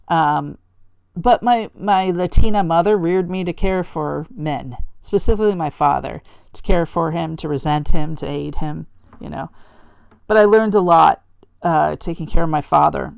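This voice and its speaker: A woman's voice: low-pitched, gravelly, a little mellow, dry recording, studio quality. A middle-aged woman hosting a podcast, talking candidly and reflectively about her life, often stopping to restart her sentences. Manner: candid, conversational, halting with restarts; quotes her father in a raised, sweet voice. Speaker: podcast host. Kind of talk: personal reflective monologue.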